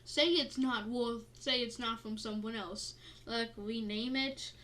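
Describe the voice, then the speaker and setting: A woman's voice: a little high, fairly even intonation, unhurried, a bit bright, slight background noise. A woman co-hosting a podcast in casual chat, tired and yawning, playful and jokey as she wanders off-topic. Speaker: podcast co-host.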